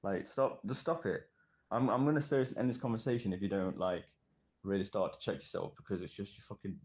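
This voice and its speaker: A very low-voiced man from Britain records voice notes. He rants hard and swears constantly, pushing each point in an aggressive, combative tone. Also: a little mellow. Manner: profane, aggressive, ranting. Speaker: voice note sender. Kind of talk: angry voice-note rant.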